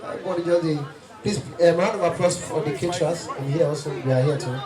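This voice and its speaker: A man's voice: a little high, fast talker. A Nigerian man performing as comedian and host at a party, teasing the guests in pidgin. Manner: teasing, mixes pidgin and Yoruba. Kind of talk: stand-up comedy banter. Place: outdoor party venue. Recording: echoey, distant, party music and crowd.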